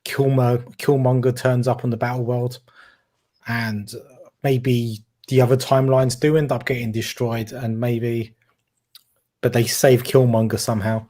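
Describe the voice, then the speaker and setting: A man's voice: medium pitch, flat delivery, a little slow, warm tone. A man with a Cockney accent from London's East End, co-hosting a casual film chat and rambling with hesitant restarts. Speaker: podcast co-host.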